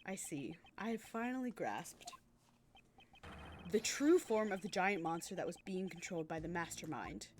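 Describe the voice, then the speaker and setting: A woman voicing a cool, formal male prosecutor, reading a game aloud in a lowered, measured delivery. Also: expressive, natural voice. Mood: calm, deductive. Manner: measured, lowered, deliberate speech.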